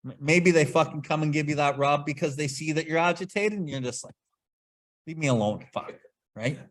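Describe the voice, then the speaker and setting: A man's voice: a little high, fast talker. A man leading a casual recovery study talk, blunt and swearing freely as he acts out his own past outbursts. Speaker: podcast host leading Big Book study.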